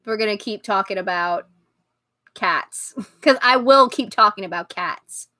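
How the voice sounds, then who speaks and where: A woman hosting a casual live-stream chat, talking loudly and laughing often. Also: mid-range voice, a little slow, no room sound. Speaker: podcast host.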